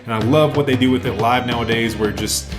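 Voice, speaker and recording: A man's voice: medium pitch, fast talker, roomy sound. A man with a Southern US accent co-hosting a casual music review, enthusiastic and jokey. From Nashville, Tennessee. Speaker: podcast co-host.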